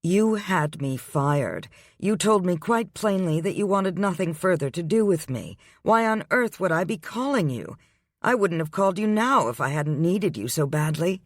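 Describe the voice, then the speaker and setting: Man doing a defiant young pregnant woman, raised voice, sharp retorts, audiobook romance, dry close sound. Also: high voice, expressive, moderate pace, no room sound, pitched above the performer's own voice. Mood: indignant.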